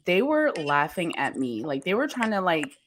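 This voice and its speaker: A woman's voice: fairly low pitch, big pitch swings, normal speed, slight background noise. A woman from Pennsylvania hosting a casual chat, telling stories candidly with laughs and swearing. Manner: candid, laughing, profane storytelling. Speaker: host.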